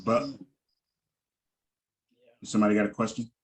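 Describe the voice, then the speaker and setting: A man teaching a Hebrew vowel lesson over a video call, halting and repeating words and often checking in with "right?". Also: on the low side, fairly even intonation, poor audio.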